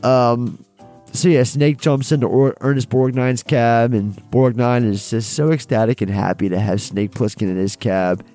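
A man's voice: medium pitch, normal speed, mellow, soft background music. A man co-hosting a movie podcast, chatting casually and enthusiastically with some swearing. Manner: enthusiastic, profane, repeats himself. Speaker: podcast co-host. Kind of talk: casual movie review chat.

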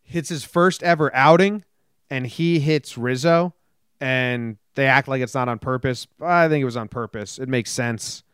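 A man co-hosting a casual sports talk show, giving blunt, quick recaps with a lot of swearing. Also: medium pitch, fairly bright tone, smooth, no echo, clean studio sound. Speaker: podcast co-host.

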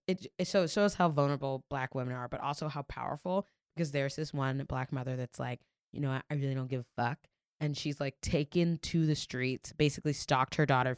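A woman's voice: very deep voice, no echo, clean studio sound. A young woman co-hosting a casual talk show, telling a story candidly and swearing freely. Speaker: podcast co-host. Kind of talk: casual chat.

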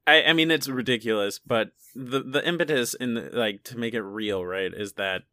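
A podcast co-host casually discussing a movie, wry and halting, restarting sentences as the thoughts form. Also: mid-range voice, pushed and bright, dry recording. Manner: halting, self-correcting, wry. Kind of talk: casual movie recap chat.

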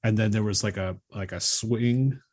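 A man's voice: lowish voice, normal speed, darkish tone. A man from Florida co-hosting a podcast, telling stories in an easygoing, reflective way. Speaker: podcast co-host. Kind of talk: casual chat.

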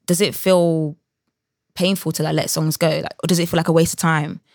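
Quick, gravelly young interviewer. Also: male voice, a little high, level tone, no room sound, clean studio sound. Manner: curious, probing questions. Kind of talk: casual interview questions.

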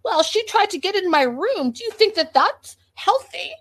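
Woman putting on a high, indignant complaining man. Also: sing-song, normal speed, fairly bright tone, heavily acted. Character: indignant man complaining about stolen money.

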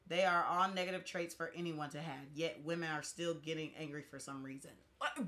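A woman's voice: low voice, expressive, a little fast, few pauses, bright, forceful tone. A woman co-hosting a podcast, reading out replies with sassy asides. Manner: reads list aloud with sassy asides. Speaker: podcast co-host. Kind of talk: casual chat.

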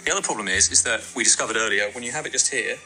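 A man's voice: mid-range voice, very fast, music in the background. A man interviewing an actor in a casual chat, chatty and joking like a fan.

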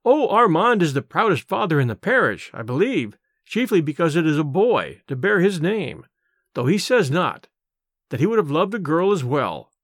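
A man reading an audiobook, voicing a gentle young woman who gushes happily over her new baby in a raised, eager voice. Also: moderate pace, dry recording, studio quality. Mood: happy. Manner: high, gushing, excited.

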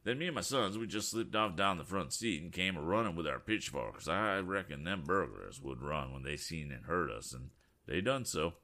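A man's voice: low voice, lively intonation, normal speed, sharp tone, full character voice. A man voicing a burly, grizzled older farmer who talks in a drawling rural dialect. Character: burly grizzled old male farmer, folksy.

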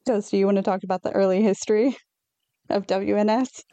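A woman co-hosting a podcast, chatting casually and reading lore aloud in a relaxed way. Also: medium pitch, a little fast, no echo. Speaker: podcast co-host.

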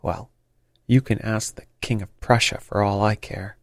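A man voicing a surly market salesman who talks gruffly and blusters. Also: fairly low pitch, steady tone, unhurried, dry recording, studio quality. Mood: angry.

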